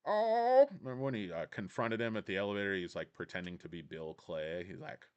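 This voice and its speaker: A man's voice: deep voice, steady tone, fast, dull audio. A man hosting a casual stock video, rambling in a jokey, self-mocking, sarcastic way. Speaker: stock vlog host.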